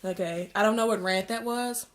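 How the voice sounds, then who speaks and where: A woman's voice: mid-range voice, normal speed. A young woman vlogging in a casual, rambling rant with sarcastic asides. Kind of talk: casual ranting vlog.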